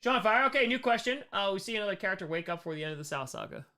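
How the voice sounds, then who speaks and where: Young male host, gravelly voice, loose jokey Q&A rambler. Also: sits high, animated, rapid-fire, sharp tone. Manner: rambling, jokey, reads viewer questions aloud. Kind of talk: casual livestream Q&A chat.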